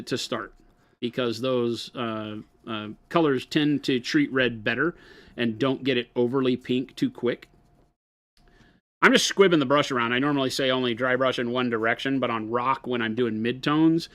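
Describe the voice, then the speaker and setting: Male stream co-host, mid-pitched, relaxed how-to explaining with fillers, dry teasing. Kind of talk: live stream chat and painting tutorial.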